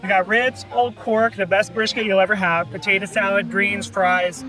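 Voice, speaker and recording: British man, vlog presenter, high voice, brisk and matter-of-fact, faint music in the background. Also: fairly even intonation, sharp tone, rough recording. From Britain. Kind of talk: casual vlog, listing food.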